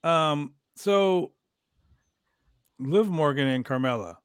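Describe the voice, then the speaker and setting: A man's voice: a little high, lively intonation, takes it slowly, smooth, no echo. A man hosting a casual podcast chat, blunt and profane, who often breaks into laughter. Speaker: podcast host.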